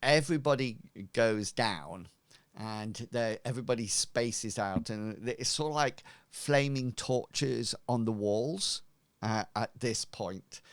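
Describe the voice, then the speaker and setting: A man narrating as game master in an online tabletop game, casual and halting with many fillers. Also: medium pitch, smooth, dry recording.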